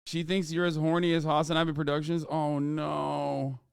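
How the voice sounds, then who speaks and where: A male livestream host giving animated, profane reaction commentary over a played clip. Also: fairly high pitch, normal speed, gravelly, smooth, dry recording, studio quality.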